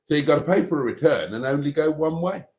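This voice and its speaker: A middle-aged man hosting a casual live stream, reading out viewer comments and chatting in an animated, dramatic way that includes some swearing. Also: quick pace. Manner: animated, dramatic, swears freely, lively pitch swings.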